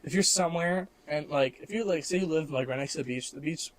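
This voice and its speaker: A man's voice: fairly high pitch, fast. A young man from Missouri in the Midwest, co-hosting a casual podcast chat, rambling with lots of "like" and restarts and laughing often. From Missouri, American Midwest. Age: young adult. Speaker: podcast co-host.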